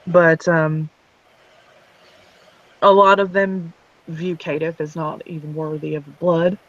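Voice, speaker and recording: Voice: medium pitch, level tone, slow, a bit bright, dry recording. A player playing a blunt vampire gym owner in a tabletop game, casual and frank, dull dry sound. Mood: skeptical. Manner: casual, frank, talks in restarts.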